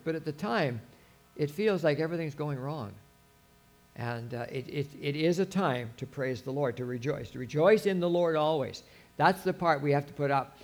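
A man's voice: medium pitch, creaky. A man preaching a sermon as a pastor, talking conversationally with anecdotes and restarts.

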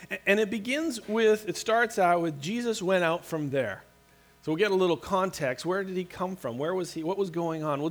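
A man's voice: high-pitched, a little mellow. A man preaching a sermon as a pastor, with an earnest, conversational manner, frequent restarts and light laughter.

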